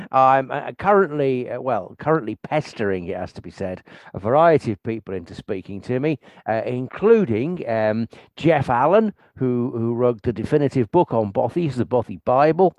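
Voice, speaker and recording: A man's voice: medium pitch, animated, moderate pace, a little mellow, no room sound, muffled recording. An older man hosting a podcast in casual chat, rambling with restarts and laughing often. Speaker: podcast host.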